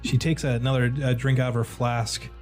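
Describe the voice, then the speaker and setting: A man's voice: medium pitch, flat delivery, a little mellow, faint music behind. Man running a casual tabletop game. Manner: casual, halting narration with fillers. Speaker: dungeon master. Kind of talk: narrating a tabletop horror game.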